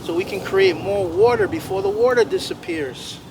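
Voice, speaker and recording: A man voicing a big, worried grizzly bear in a low, soft, heavy voice, outdoors with traffic behind. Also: wildly swooping pitch, moderate pace, gravelly, heavily acted. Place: outdoors by a road. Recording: loud outdoor traffic noise. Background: traffic noise.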